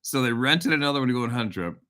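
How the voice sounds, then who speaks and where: Very fast and forceful, with a mid-range, bright voice and lively intonation, a middle-aged Canadian man hosts a hunting livestream. Between reading out viewer locations, he tells a loose, profanity-laced hunting story.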